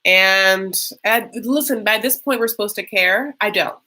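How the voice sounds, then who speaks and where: A woman's voice: mid-range voice, unhurried, pushed and bright. A woman hosting a live stream, reacting to a reality show in a chatty, sarcastic, theatrical way. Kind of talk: casual live reaction chat.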